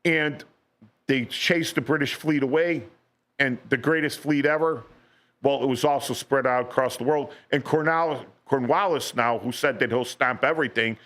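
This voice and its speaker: A man's voice: medium pitch, a bit bright. A man on local radio talking history in a casual way, often repeating words and asking "right?". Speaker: radio guest. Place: radio studio.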